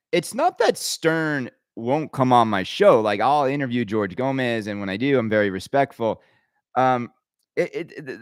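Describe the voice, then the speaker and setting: A man's voice: fairly high pitch, dry recording, clean studio sound. A man hosting his own podcast, ranting his opinions emphatically and rambling, with frequent stammered restarts. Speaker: podcast host.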